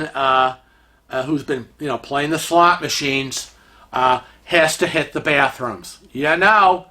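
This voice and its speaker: A chatty man telling a travel story in a casual vlog, full of fillers and animated asides. His voice is bright and sits a little high. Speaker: vlogger.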